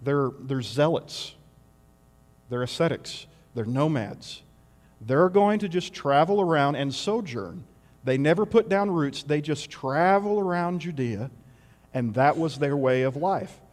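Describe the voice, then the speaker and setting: A man's voice: fairly high pitch, animated, measured pace, darkish tone, long reverb tail. A man preaching a sermon in a conversational way, asking rhetorical questions and adding wry asides.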